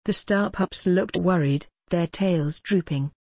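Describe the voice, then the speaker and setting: A synthetic woman's voice gently narrating a bedtime story in a soothing reading manner. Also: lowish voice, slow, dry recording, studio quality.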